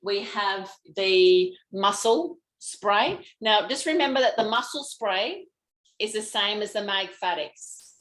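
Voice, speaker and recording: A woman's voice: mid-range voice, lively intonation, slow pace, fairly bright tone, rough recording. A woman with an Australian accent hosting a live stream, chatting frankly and answering viewer comments about lymphatic health. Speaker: host, lymphatic health practitioner.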